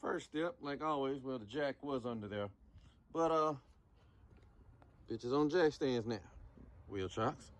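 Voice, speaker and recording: A man talks through a car repair in a loose, profane way, laying on the sarcasm as he goes. His pitch sits in an ordinary middle range. Faint background noise from the work area hangs behind him. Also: measured pace, pauses often. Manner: profane, sarcastic, laid-back. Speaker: DIY car repair vlogger. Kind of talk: casual how-to narration. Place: garage or driveway, working on a car.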